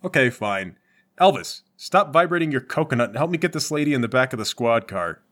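A man playing a tabletop game, rambling through stories with a deadpan manner. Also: mid-range voice, a little fast. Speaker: player. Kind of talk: tabletop game banter and in-character play.

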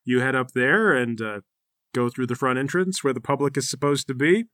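A man running a tabletop role-playing game as game master, narrating in a relaxed way. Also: medium pitch, moderate pace, no echo, clean studio sound.

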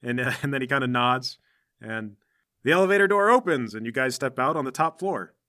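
A man's voice: medium pitch, expressive, a little fast, pushed and bright. A man narrating a second-person story in a casual, conversational way.

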